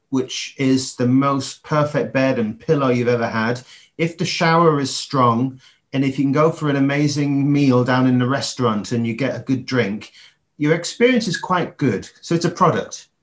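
An English man in his forties, a guest on a podcast interview, talking reflectively with frequent ums and restarts. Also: mid-range voice. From England.

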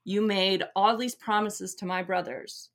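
A woman's voice: medium pitch, fairly even intonation, measured pace, natural voice. A woman voicing a vengeful queen who speaks in a cold, solemn way.

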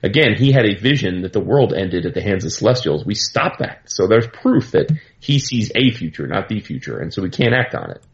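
A man's voice: fairly low pitch, very animated, fairly quick, hardly any pauses, lo-fi sound. Tony, a man voicing a skeptical hero. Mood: insistent. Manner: casual retold quote, insistent. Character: Tony Stark, skeptical male hero, doubting.

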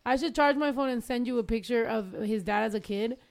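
Woman in her thirties, podcast host, casual teasing chat, laughs and swears, voice sits a bit high. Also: a little fast, gravelly.

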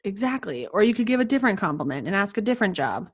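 Woman podcast co-host, teacher type, mid-pitched, enthusiastic and conversational. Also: very animated, very fast. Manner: enthusiastic, acts out kind phrases to children.

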